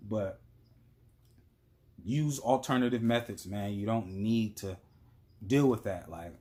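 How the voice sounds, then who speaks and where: A man's voice: lowish voice, slow, a little mellow. A man telling a story in a casual, blunt and profane monologue as a vlogger.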